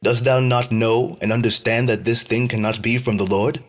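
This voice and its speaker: A man's voice: medium pitch, level tone, moderate pace, close to an everyday voice. A man reading the lines of Satan, disguised as a very old man, who scolds with reproachful questions in archaic speech.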